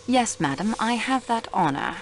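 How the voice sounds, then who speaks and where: A composed French woman investigator in a game, courteous, lively pitch. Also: normal speed, a little hiss or hum. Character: calm, polite French female investigator. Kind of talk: video game voice acting.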